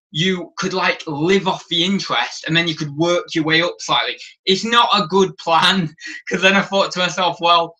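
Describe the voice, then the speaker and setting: Young British guy on a rambling live-stream chat, slightly higher voice, very bright and sharp, a bit off-mic. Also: recorded from a distance, low-quality recording. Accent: British English. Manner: rambling, self-correcting, chatty. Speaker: vlogger.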